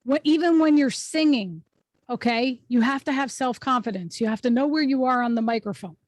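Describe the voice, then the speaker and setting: High-voiced woman coaching over video. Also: a little fast, no echo. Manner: emphatic, instructive, checks in with "okay?". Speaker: host and speaking coach. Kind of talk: online workshop teaching. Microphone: video call.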